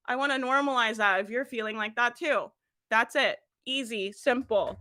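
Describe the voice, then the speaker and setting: Energetic woman coach, bright voice pitched a touch high, talks straight to her audience with frequent laughs. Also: moderate pace. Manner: energetic, laughs often, addresses listeners directly. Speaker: business coach. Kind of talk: motivational coaching talk.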